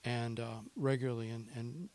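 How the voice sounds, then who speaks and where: Emotional pastor, soft then fervent. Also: male voice, mid-range voice, steady tone, moderate pace, clear, resonant tone. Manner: emotional, softly spoken then fervent in prayer. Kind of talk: church talk and prayer. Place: church service.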